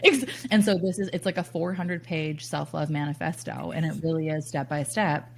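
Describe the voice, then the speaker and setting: A woman with a lower voice speaks as a guest on a podcast, earnest and candid, dropping the odd casual swear word. Faint noise hums under the recording. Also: fairly even intonation, normal speed. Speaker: relationship coach and author. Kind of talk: casual interview chat.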